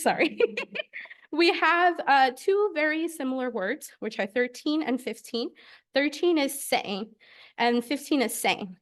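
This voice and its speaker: A young woman from the United States giving an academic research presentation, explaining carefully with frequent filler pauses. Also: high voice. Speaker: graduate student presenter.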